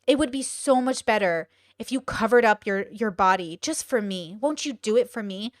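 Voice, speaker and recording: A woman's voice: medium pitch, animated, normal speed, no echo, clean studio sound, close to an everyday voice. A woman playing a controlling man who sweetly guilt-trips his partner in a coaxing tone. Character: soft-spoken, controlling male boyfriend pleading sweetly.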